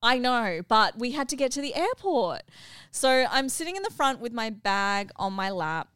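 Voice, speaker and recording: A young Australian woman co-hosting a podcast, telling a story in a dramatic, animated way. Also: a little high, normal speed, clear, resonant tone, dry recording, clean studio sound. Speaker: podcast co-host. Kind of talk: casual chat, storytelling.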